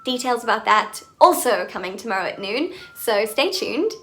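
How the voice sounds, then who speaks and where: A woman's voice: a little high, expressive, moderate pace, fairly bright tone. A woman accent coach making an upbeat announcement to her viewers, with playful, jokey asides.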